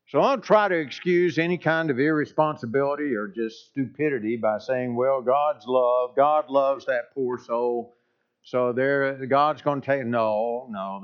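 A man preaching a sermon as pastor, speaking in a deliberate, emphatic way and repeating phrases to drive points home. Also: mid-range voice, highs cut off.

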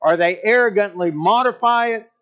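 A man preaching a sermon, leaning hard on key points and pushing his voice up to stress them. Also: normal speed. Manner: emphatic, with pitch rising on key points. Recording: dull lo-fi recording.

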